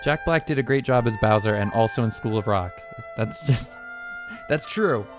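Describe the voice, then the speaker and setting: Man, gaming streamer, playful, rambling, swears casually, very animated pitch. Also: normal speed, over music. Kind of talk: casual let's-play chat.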